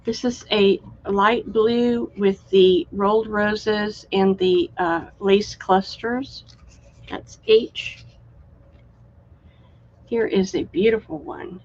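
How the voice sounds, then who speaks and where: A woman hosting a live-stream craft sale, chatty and unhurried, admiring each item as she shows it. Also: mid-range voice, fairly even intonation, lo-fi sound. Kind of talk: live-stream sales chat.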